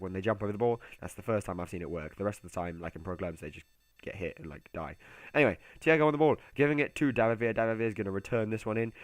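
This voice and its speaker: A young man giving casual, chatty commentary over a football video game, excitable and given to muttered asides. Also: fairly low pitch, dry recording. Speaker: gaming YouTuber.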